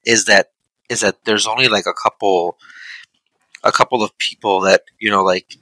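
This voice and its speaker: A man co-hosting a casual movie-review podcast, talking in halting, slangy bursts with repeated words. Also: lowish voice, steady tone, pushed and bright, no room sound, poor audio. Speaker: podcast co-host.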